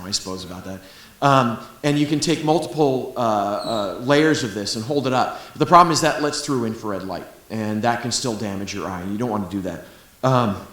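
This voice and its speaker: A man's voice: medium pitch, fairly bright tone, echoey room. A middle-aged man, an astronomer giving a public lecture, talking with chatty enthusiasm and humorous asides. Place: library lecture room.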